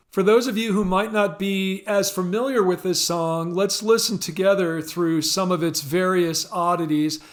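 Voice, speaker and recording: A man hosting a music channel, talking casually and with amusement about odd hit songs. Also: high-pitched. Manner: chatty and amused, laughing often. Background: faint music from the song being discussed.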